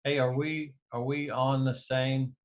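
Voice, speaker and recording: A man's voice: medium pitch, flat delivery, a little slow. Hesitant man on a dull video call. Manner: hesitant, many restarts and fillers. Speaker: interview guest. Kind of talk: casual conversation over a video call.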